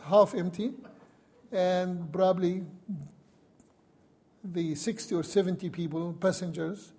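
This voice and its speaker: Professor guy, husky mellow voice, telling a story and chuckling dryly. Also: sits high. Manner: recounting events with wry chuckles. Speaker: university professor. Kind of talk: personal storytelling.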